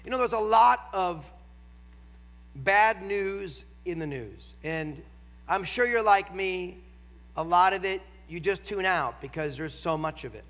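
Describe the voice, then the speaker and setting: A man with a nasal voice and a Northern American accent, preaching a sermon with emphasis, slowing down for key phrases. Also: sits high, fairly bright tone. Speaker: guest preacher. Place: large church auditorium. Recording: long hall reverb.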